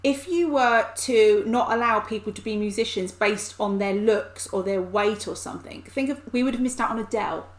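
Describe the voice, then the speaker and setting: A woman's voice: medium pitch, moderate pace, few pauses. A woman co-hosting a reaction show, chatty and laughing easily. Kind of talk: casual group chat. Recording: echoey room.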